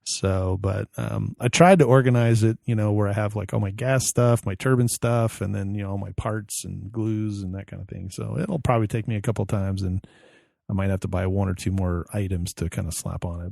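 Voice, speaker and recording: Gravelly, mellow-voiced man telling stories. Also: on the low side, no room sound, studio quality. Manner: rambling storyteller, acts out quoted dialogue. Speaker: podcast co-host. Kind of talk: casual chat.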